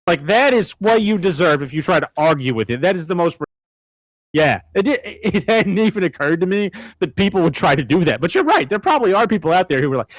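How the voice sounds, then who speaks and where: A man co-hosting a podcast in casual chat, crude and mocking, animated and loose. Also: sits high, a little fast, no echo. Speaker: podcast co-host.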